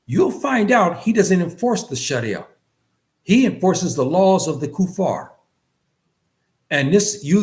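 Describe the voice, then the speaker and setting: A man teaching a lesson on faith in an earnest lecture style, repeating phrases and rising in pitch on key points. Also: a little mellow. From West Africa. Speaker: religious teacher.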